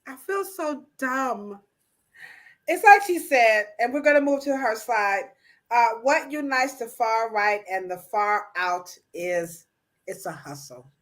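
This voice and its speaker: A woman's voice: a little high, slow pace. A woman hosting a casual livestream chat, playful and teasing, with slangy mock-scolding asides. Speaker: livestream host.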